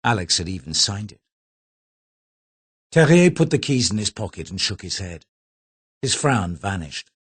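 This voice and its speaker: Husky male audiobook narrator. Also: lowish voice, big pitch swings, a little slow, long pauses, fairly bright tone. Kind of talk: scripted narration.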